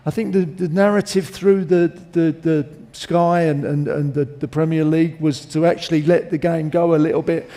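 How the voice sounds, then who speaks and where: Brief: male pundit, fairly high voice with a dark, mellow tone. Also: steady tone, normal speed, few pauses. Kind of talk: casual football chat.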